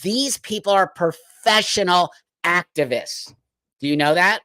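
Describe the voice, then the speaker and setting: Livestream host, male, forceful opinion commentary, punchy rhetorical questions, dry close-mic sound. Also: sits high, a little slow, no echo. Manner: blunt, emphatic, rhetorical questions; reads viewer comments aloud.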